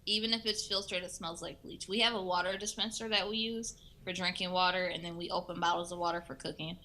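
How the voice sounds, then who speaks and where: A woman speaks from the audience with a bright, forceful, slightly low voice. She is plain and matter-of-fact about how her family lives. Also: fairly even intonation, quick pace. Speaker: audience member, parent. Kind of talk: personal testimony at a panel.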